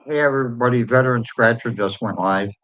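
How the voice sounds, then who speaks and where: A man's voice: medium pitch, brisk, a bit bright, lo-fi sound. A man hosting a livestream in casual chat, greeting and answering viewers by name. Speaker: livestream host.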